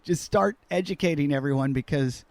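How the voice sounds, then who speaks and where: A man hosting a podcast over a remote call, talking in an animated, rambling, self-mocking way with lots of jokes. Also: on the high side, brisk, dry recording. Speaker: podcast host. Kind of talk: casual joking chat.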